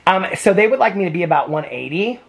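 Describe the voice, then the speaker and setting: A man's voice: sits high, lively intonation, quick pace, vocal fry. A man vlogging from his bedroom at home, chatting casually and rambling, often correcting himself and laughing between words. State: out of breath. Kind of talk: casual chat to camera.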